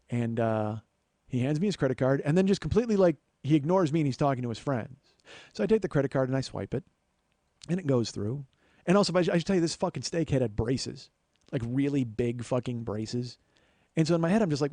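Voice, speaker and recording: A man's voice: mid-range voice, lively intonation, quick pace, mellow, dry recording. A male comedian and podcast host telling a profane, sardonic story as a ranting monologue.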